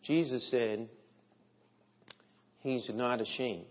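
A man preaching a sermon as pastor, slow and deliberate, with emphatic swells in his delivery. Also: medium pitch. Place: church sanctuary. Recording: dull, lo-fi, long hall reverb.

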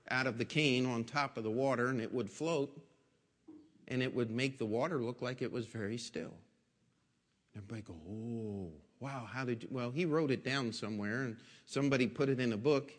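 A man pastor preaching a sermon in a folksy storytelling way, asking rhetorical questions, in a church. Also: mid-range voice. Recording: long echoing hall reverb.

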